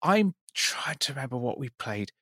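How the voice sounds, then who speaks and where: A British man co-hosting a podcast, telling stories in a relaxed, wry casual chat. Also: medium pitch, moderate pace, breathy edge, dry recording, clean studio sound. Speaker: podcast co-host.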